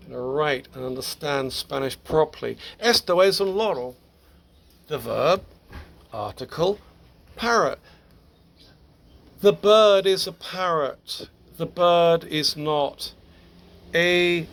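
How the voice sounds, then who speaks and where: A man teaching Spanish grammar to English speakers, explaining step by step, halting and correcting himself as he goes. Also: fairly high pitch, a bit bright. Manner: slow, halting, with restarts and self-corrections.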